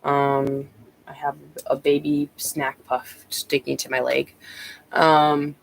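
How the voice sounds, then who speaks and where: A woman's voice: very deep voice, level tone, slow pace, creaky, slight background noise, poor audio. A woman tarot reader talking casually on a live stream, rambling with many ums and restarts, a bit out of breath.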